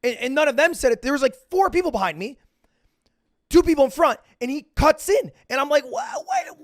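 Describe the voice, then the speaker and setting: Streamer guy, kinda high voice, rambly sweary storytime, dry sound. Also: expressive, fairly quick, dry recording. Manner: rambling, self-mocking, profane, with many restarts. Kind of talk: casual storytelling to stream chat.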